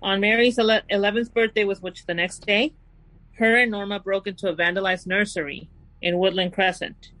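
Brief: woman narrating true crime on a podcast, deliberate reading, dry close mic. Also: medium pitch, fairly even intonation, fairly bright tone, no room sound, poor audio. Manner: reads quoted notes slowly and deliberately. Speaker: podcast co-host telling the story.

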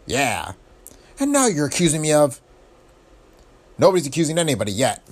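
A tough, wisecracking private eye from a pulp story, as a man narrating puts him on. He throws out sardonic, cocky jabs in a husky voice whose pitch swings in a lively way. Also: moderate pace, exaggerated voice.

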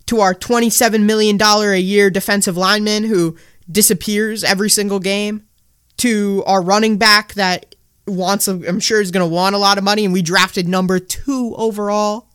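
A man's voice: high voice, fairly bright tone, smooth. Ranting man on a sports podcast. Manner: blunt, ranting, swears freely. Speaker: podcast co-host. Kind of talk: casual sports podcast chat.

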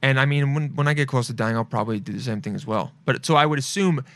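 A podcast host in casual interview chat, asking thoughtful questions with many fillers. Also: male voice, medium pitch, fast talker, a bit bright, no room sound.

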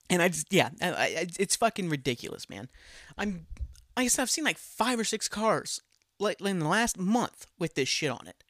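A man in his thirties rants on his own podcast, swearing freely and chuckling at his own lines. His voice sits a little high and sounds bright and forceful. The recording is dry and close to the mic. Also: dry recording. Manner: profane, blunt, laughs at own jokes. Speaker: podcast host. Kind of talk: casual solo podcast rant.

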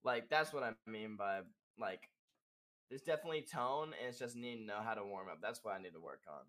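A man's voice: fairly quick, fairly bright tone. A young man, a musician guest on a podcast, talking casually and rambling with filler words and swearing. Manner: rambling, casual, swearing, demonstrates singing in high falsetto.

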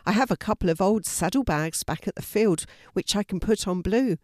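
A woman's voice: mid-range voice, moderate pace, darkish tone, no echo, studio quality, natural voice. A woman voicing a cheerful, helpful young girl who rides a horse in a storybook reading.

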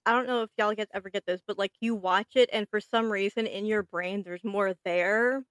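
A woman's voice: medium pitch, steady tone, normal speed, a bit bright, smooth, no room sound. A woman from Louisiana, a guest on a podcast, thoughtful and conversational in casual chat.

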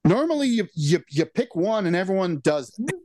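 A man's voice: high-pitched, sing-song, moderate pace, darkish tone, dry recording. A man co-hosting a film podcast, chatting casually in a rambling, wry way with lots of restarts. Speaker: podcast co-host. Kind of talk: casual chat.

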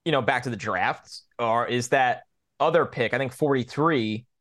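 A man co-hosting a casual sports podcast, telling stories in an animated, rambling way. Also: medium pitch, normal speed. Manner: animated storyteller, rambling restarts, laughs. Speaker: podcast co-host.

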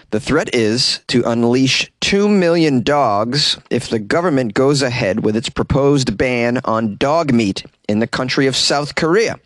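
A man's voice: medium pitch, no echo. Sarcastic male comedian reading news. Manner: sarcastic, deadpan asides. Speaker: comedian podcast host. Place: closet.

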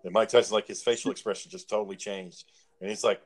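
A man's voice: fairly low pitch, fairly even intonation, fast. A man in casual chat with friends, telling long rambling stories and acting out what people said. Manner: rambling storyteller, acts out quotes.

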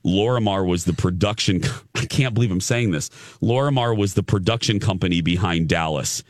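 A man's voice: low-pitched, fairly quick, no room sound, studio quality. A middle-aged man from Indiana hosting a radio show, telling a story in casual chat with stammered restarts and laughter at himself.

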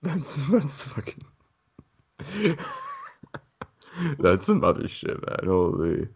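A man's voice: medium pitch, huge pitch swings, slow pace, a little mellow, breathy edge. A man co-hosting a podcast, reacting with profane, laughing remarks. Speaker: podcast co-host. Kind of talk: casual chat.

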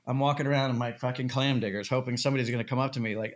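A man's voice: medium pitch, rapid-fire, a little hiss or hum. A man on a podcast, telling a story with lots of swearing and acting out the voices of the people in it. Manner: animated, swearing, acts out quoted voices. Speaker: podcast guest. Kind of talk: casual storytelling.

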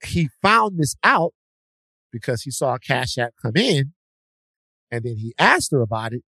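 A man's voice: mid-range voice, sing-song, measured pace, bright, forceful tone, dry recording, clean studio sound. A man co-hosting a podcast, telling a story in a casual, slangy, rambling way with restarts. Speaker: podcast co-host.

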